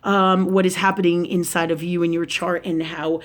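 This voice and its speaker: A middle-aged woman hosting a spiritual video, telling a casual story in an animated way, swearing often and asking "right?" again and again. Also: fairly low pitch, normal speed. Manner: animated, profane, lots of "right?".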